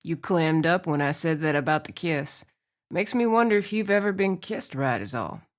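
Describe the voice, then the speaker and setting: A woman's voice: low voice, expressive, moderate pace, pitched below the performer's own voice. A woman narrator voicing a teasing, confident male rancher with a flirtatious manner in an audiobook.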